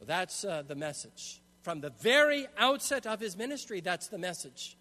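A man's voice: high-pitched, big pitch swings, moderate pace, bright, forceful tone. A man preaching an expository sermon, emphatic, often restarting his phrases. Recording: long hall reverb.

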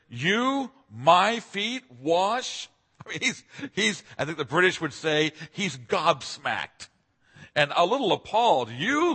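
Man, pastor, sermon, bright tone, husky, earnest emphatic delivery, reverberant hall. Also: medium pitch. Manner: earnest expository preaching with emphatic rises.

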